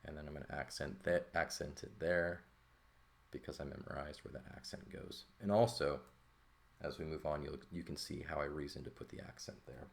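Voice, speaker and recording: A man's voice: very deep voice, steady tone, normal speed, creaky. A man teaching a recorded lesson in a casual, thinking-aloud way, often checking in with "okay?" and "right?". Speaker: Greek teacher. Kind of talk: informal recorded lesson, writing on paper.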